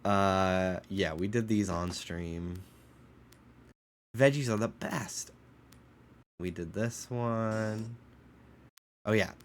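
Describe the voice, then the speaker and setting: A man's voice: on the low side, takes it slowly, long pauses, slight background noise. A man casually commenting while streaming a game and reading its text aloud, a bit stuffed up, chatty and swearing now and then. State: stuffed up nose.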